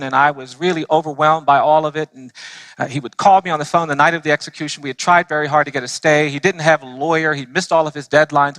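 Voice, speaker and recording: Male lawyer giving a heartfelt church talk with earnest, slow emphasis and a bright, tense tone. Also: a little high, dry recording. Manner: earnest storytelling, slowing for emphasis. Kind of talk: impassioned speech to a church audience.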